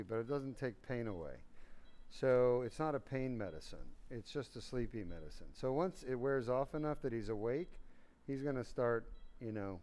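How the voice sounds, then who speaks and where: A man's voice: medium pitch, warm tone. A man working as a surgeon, explaining a procedure in plain terms to viewers and speaking up to reassure his patient. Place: operating room.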